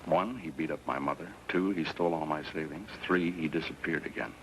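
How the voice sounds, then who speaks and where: An actor playing a troubled, self-conscious defendant with a wry, self-mocking way of talking. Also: male voice, rumbling low, brisk, a little hiss or hum, rough recording. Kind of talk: 1960s TV courtroom drama.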